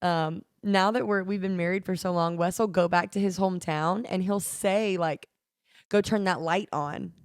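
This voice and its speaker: A woman's voice: lowish voice, fairly even intonation, moderate pace, few pauses, clear, resonant tone, no room sound, clean studio sound. A woman from the American South with a Southern accent, chatting casually as a podcast co-host and laughing often, recorded on a phone at home. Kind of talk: casual chat.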